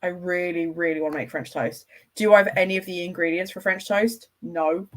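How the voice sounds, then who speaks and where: A woman's voice: fairly low pitch, steady tone, a little fast. A woman hosting a livestream, chatting casually and enthusiastically with her viewers as she rambles from one thought to the next. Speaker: livestream host.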